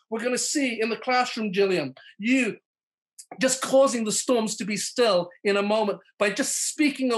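A man preaching a sermon at a live online church service. He checks in with "okay?" and "all right?" after nearly every point, calls on listeners by name and acts out the quoted lines. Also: high voice.

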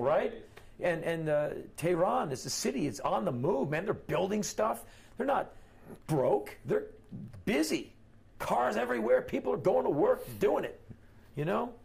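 A middle-aged man from the United States telling stories in an interview in an animated way, quoting the people he met. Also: on the high side, gravelly, breathy edge. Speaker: interview guest.

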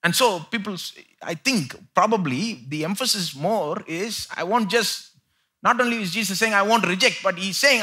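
A man with an Indian English accent preaching a live sermon in church, moving between loud emphatic peaks and quiet low asides. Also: measured pace, slightly rough. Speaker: pastor.

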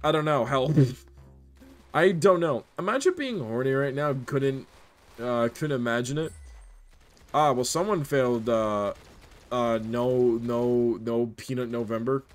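A man's voice: medium pitch, measured pace, soft background music. A young man streaming a game live, chatting casually and joking as he reads his chat aloud. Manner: animated, jokey, reads chat aloud, often laughs.

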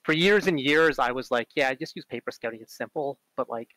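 A man giving a casual conference talk, chatty, full of fillers, and animated when he tells stories. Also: mid-range voice, a little fast, no room sound, poor audio. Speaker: conference speaker on robotics strategy.

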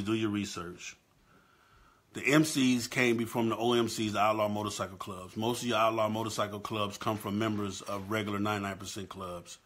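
A man's voice: on the low side, a bit bright. A middle-aged man hosting a live-stream talk, impassioned and swinging between choked-up and fired-up. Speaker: show host.

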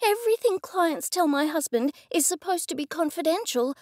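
Audiobook character: a woman voicing a fretful wife, pitched well up, anxious and pleading, with a gravelly edge. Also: lively intonation, takes it slowly, mellow, no echo, clean studio sound, exaggerated voice. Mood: nervous pleading. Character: nervous, flustered adult woman, lawyer's wife.

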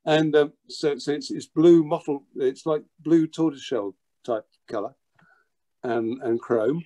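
An older man with a somewhat high-pitched voice recalls a story from his past. He talks animatedly, stumbles and repeats words as he acts out scenes, and often throws in "you know.". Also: unhurried, dark tone. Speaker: interview guest, drummer. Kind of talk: anecdotal storytelling.

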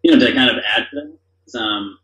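A company founder appears as a podcast guest, chatting casually and with enthusiasm, rambling and packing his speech with fillers. He has a mid-range, slightly bright voice and talks fast. The recording sounds dull and roomy.

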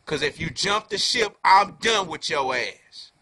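A man giving a heated fan rant to camera, full of profanity and street slang, dropping low then flaring into loud outbursts. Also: animated, measured pace. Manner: profane slangy talk, keeps calling listeners "dog"; swings from low muttering to loud angry outbursts. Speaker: fan video reviewer.

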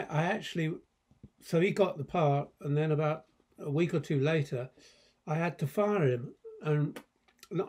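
Older male director, dark mellow tone, casual swearing raconteur who rambles and restarts. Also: on the high side. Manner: rambling, profane, self-interrupting. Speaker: film director. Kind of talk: casual anecdotal commentary.

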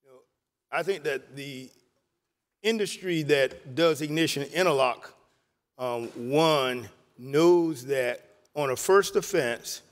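A man addressing a legislative chamber as a senator in a slightly high voice. He speaks haltingly, full of fillers and restarts, and the long reverb of the hall trails behind his words. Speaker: state senator. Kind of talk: floor speech.

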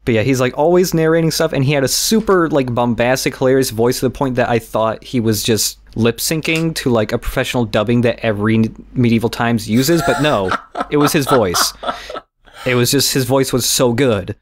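A man's voice: mid-range voice, a little fast. A young man co-hosting a podcast, casually telling a rambling story with laughs and swearing. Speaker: podcast co-host. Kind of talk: casual chat.

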